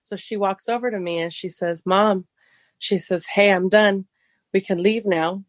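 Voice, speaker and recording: Unhurried, a middle-aged woman from Southern California tells a personal tale as a podcast guest, casually playing out the dialogue and reaching a high pitch in excited bits. No echo is present.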